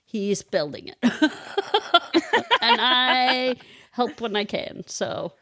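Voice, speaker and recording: A woman's voice: on the high side, drawn-out words, bright, forceful tone, no echo. A woman co-hosting a podcast, chatting casually and telling stories with frequent laughs. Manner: chatty storyteller who laughs often. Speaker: podcast co-host and kindergarten reading teacher. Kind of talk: casual chat.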